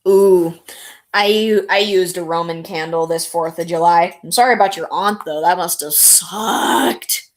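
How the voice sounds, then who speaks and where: Rambling woman streamer with a lowish voice. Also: unhurried. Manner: rambling, chatty, answers viewers' chat. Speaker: live streamer. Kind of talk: casual live stream chat.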